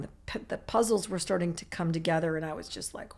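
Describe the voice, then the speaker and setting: Low-voiced woman telling a raw recovery story. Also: quick pace, hardly any pauses. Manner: emotional, run-on storytelling with many "I'm like" asides. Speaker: author and recovery guest. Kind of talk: personal recovery story in conversation.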